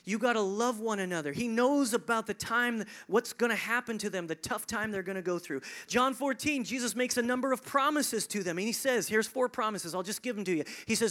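A man preaches a sermon in a conversational, animated way. He builds to emphatic, loud peaks, then drops to hushed, nearly whispered lines, with chuckles and quick asides along the way. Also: sits high. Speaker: pastor.

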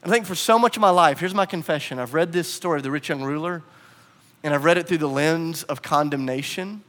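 A man preaching a sermon as pastor, animated in his storytelling and acting out the quotes. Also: fairly high pitch, brisk, big-room sound.

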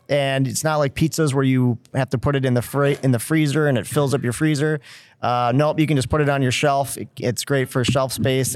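A man's voice: medium pitch, clean tone, no echo. A man from Minnesota co-hosting a podcast, reading sponsor spots in an upbeat, casual way with many fillers. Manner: upbeat, filler-heavy delivery. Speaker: podcast co-host. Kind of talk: casual chat and sponsor reads.

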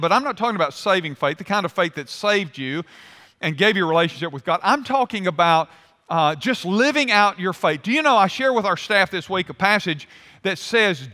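A man's voice: high voice, bright, forceful tone. A male pastor preaching a sermon in a church, acting out the voices of complaining people. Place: church sanctuary. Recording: hall reverb.

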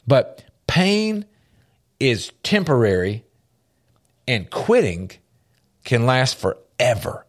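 A man's voice: medium pitch, big pitch swings, slow pace, pauses often. A man hosting a faith-based motivational radio talk from a studio, earnest and emphatic, repeating key phrases for effect. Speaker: radio host. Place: radio studio with a large window.

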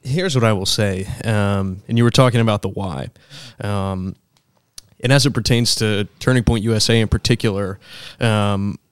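A man, a guest on a podcast, speaking in a measured way with fillers. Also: on the low side, clear, resonant tone, dry recording, studio quality. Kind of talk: casual podcast chat.

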